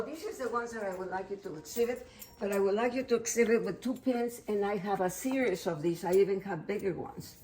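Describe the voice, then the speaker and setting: A middle-aged woman artist from Mexico with a Mexican Spanish accent, a native Spanish speaker giving a casual, rambling, excitable tour of her home studio and slipping into Spanish. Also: medium pitch, creaky, recorded from a distance. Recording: echoey room, voice from off-mic, faint ambience.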